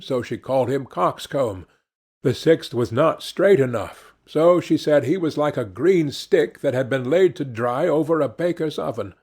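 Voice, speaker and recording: Slow, gravelly male storyteller. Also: mid-range voice, darkish tone. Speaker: audiobook narrator. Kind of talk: scripted narration.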